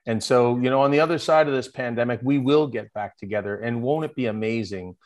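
A man's voice: mid-range voice, brisk. A man as a podcast guest, talking earnestly about the value of connection in casual chat.

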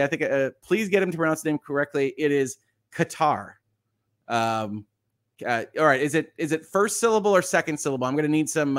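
A man hosts a live news stream, mixing commentary with replies to viewers' chat. He talks in a halting, easygoing way, restarting sentences and chuckling often. His voice is mid-pitched and the sound is dry, with no room around it. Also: a bit bright, no room sound. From United States. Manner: hesitant, many fillers and restarts, chuckles often.

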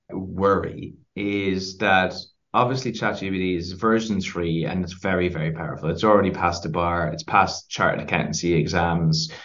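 Podcast guest, male, lowish voice, lively anecdotes, slightly muffled recording. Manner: animated storyteller, many restarts. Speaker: podcast guest, company founder. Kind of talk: casual interview chat.

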